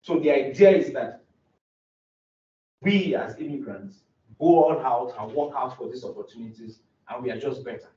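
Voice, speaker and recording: In a presentation room, a young man working on his doctorate presents academic material at normal speed in a warm, mid-range voice. He explains earnestly but keeps restarting, and the lo-fi recording is distant, roomy and dull.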